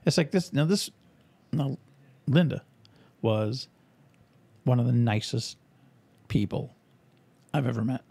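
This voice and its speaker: A man hosting a podcast, casually telling an animated story and acting out the voices of people in it. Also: mid-range voice, slow pace, vocal fry, long pauses, breathy edge, dry recording. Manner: animated anecdote telling, acts out quoted voices. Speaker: podcast host and author.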